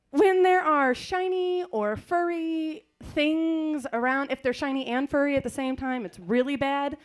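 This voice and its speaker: A young woman performing a student stand-up comedy set, playful and jumping into squeaky voices when quoting people. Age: young adult. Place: campus comedy stage with audience.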